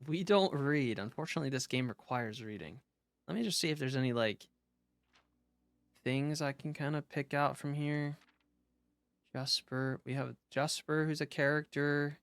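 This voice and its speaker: A man's voice: on the high side, moderate pace, clear, resonant tone, no echo. Rambling young male streamer, dry sound. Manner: casual, rambling, frequent fillers and restarts. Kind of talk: live game stream commentary.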